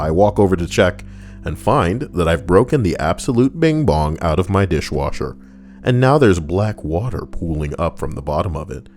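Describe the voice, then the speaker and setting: Man reading internet stories, deep low voice, sarcastic rambling commentary, faint guitar music behind. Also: lively intonation, moderate pace, a little mellow. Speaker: host reading and reacting to online stories.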